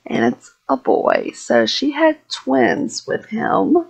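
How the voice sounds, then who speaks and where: A woman giving casual Let's Play commentary on a life-simulation game, chatting and voicing her character's reactions in quick asides. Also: on the high side, wildly swooping pitch, vocal fry, slightly rough, poor audio. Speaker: gaming YouTuber.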